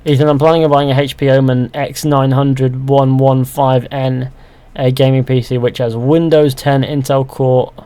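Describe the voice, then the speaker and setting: A young gaming streamer speaks at normal speed with a smooth, dark, medium-pitched voice that barely shifts in pitch, and he seldom pauses. He chats casually while playing live, reading viewer comments aloud and replying with dry sarcasm.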